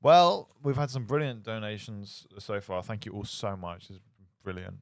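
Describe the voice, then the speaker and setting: A man's voice: fairly low pitch, moderate pace, no echo. A man presenting a casual charity livestream on student radio, sounding tired, with dry humour. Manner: tired, self-described monotone, dry humour.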